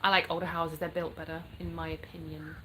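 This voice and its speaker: Her voice is deep, flat in delivery, fairly quick and a bit bright, caught on a rough recording with slight background noise. She's a content creator in her thirties, US-born and England-raised with a mixed English accent, casually reading viewer comments aloud and answering frankly from her home in North Florida.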